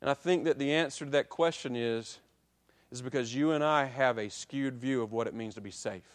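A man preaching a sermon, building to loud peaks and dropping low and quiet, with repeated rhetorical questions to the congregation. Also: brisk, clear, resonant tone. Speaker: pastor.

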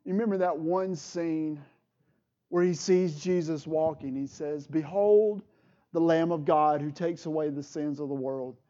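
Male pastor, high voice, slow preaching delivery with swelling emphasis, lo-fi sound. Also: steady tone, warm tone. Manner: preaching with rising emotional swells. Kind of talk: sermon.

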